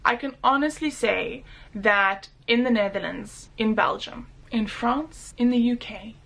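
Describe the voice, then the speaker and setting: A young South African woman in her twenties, telling her own stories in an interview. Her voice sits fairly high and sounds bright and sharp. She talks in an animated way and acts out what other people said. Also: measured pace, vocal fry. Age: 20s. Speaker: interviewee, motorcycle rider. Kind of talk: personal storytelling interview.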